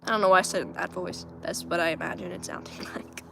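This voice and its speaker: A woman's voice: on the low side, wildly swooping pitch, fast, gravelly, noisy background. Chatty woman streaming from her phone. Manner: chatty, laughs often, answers chat aloud. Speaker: livestream host. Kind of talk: casual livestream chat with viewers. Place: at home.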